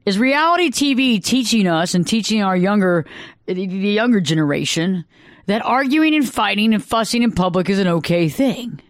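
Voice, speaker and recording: A woman talks casually in a solo monologue. She is a couples therapist and keeps acting out quoted arguments in sudden high bursts. Her voice sits at a middle pitch, and the room around it is dry and close. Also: animated, moderate pace, no room sound.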